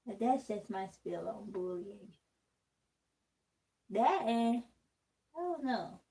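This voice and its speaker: A woman's voice: medium pitch, expressive, slow, creaky, mellow, low-quality recording. A woman vlogging casually while taking out her braids, candid and rambling, with a distinctive voice that people comment on. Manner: candid, rambling, talks straight to the camera.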